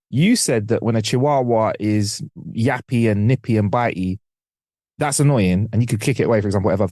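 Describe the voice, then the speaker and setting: A man's voice: medium pitch, no room sound, clean studio sound. A man co-hosting a podcast in casual, slangy chat, acting out what people say. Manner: animated, slangy, acts out quotes. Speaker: podcast co-host.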